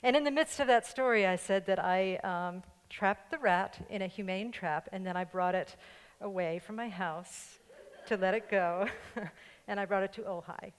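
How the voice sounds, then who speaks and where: An older woman pastor with a faint New York accent preaches in a joking, playful way, often laughing with her listeners. Her voice sits at a middle pitch, and a long reverb trails after it in the large church hall. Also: normal speed, clear, resonant tone. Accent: slight New York. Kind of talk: sermon. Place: church sanctuary with congregation.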